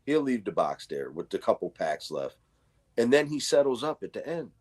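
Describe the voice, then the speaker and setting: A man's voice: lowish voice, very animated, normal speed, a little mellow, breathy edge. A man in casual chat, telling a story with slang and swearing. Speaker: livestream co-host.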